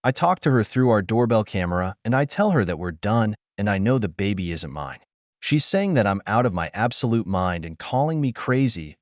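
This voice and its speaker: A man narrating a first-person story in an animated storytelling manner. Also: on the low side, no room sound, clean studio sound.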